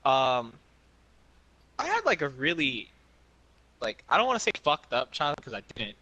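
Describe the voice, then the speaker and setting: A man's voice: mid-range voice, huge pitch swings, moderate pace, sharp tone, dry recording, lo-fi sound. A young man co-hosting a podcast, rambling through a childhood story in casual chat. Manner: rambling, many restarts and fillers. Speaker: podcast co-host.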